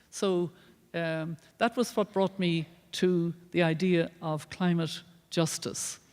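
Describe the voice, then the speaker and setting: A woman's voice: fairly low pitch, darkish tone. Older Irish woman lecturing in a hall. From Ireland. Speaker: guest speaker. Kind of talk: public lecture. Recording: long reverb of a large hall.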